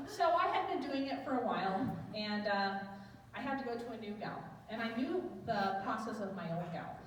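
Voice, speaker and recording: Bawdy high-voiced woman doing stand-up. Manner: bawdy, self-mocking storytelling. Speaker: stand-up comedian. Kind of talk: stand-up comedy set. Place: live comedy venue with audience. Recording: echoey hall, distant mic, noisy crowd. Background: audience laughter.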